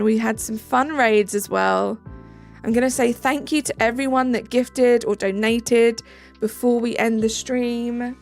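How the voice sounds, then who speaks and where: A woman's voice: a little high, creaky. A British woman hosting a live stream in casual chat, reading out and answering viewers' messages. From Britain. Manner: chatty, reads out and answers chat, thanks viewers. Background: faint background music.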